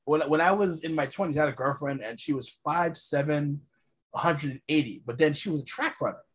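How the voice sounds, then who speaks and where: A podcast host with a husky, breathy tone, talking in an animated, rambling way. Full of fillers and quick restarts, with a middle-range pitch that jumps up when excited. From New York. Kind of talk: casual chat.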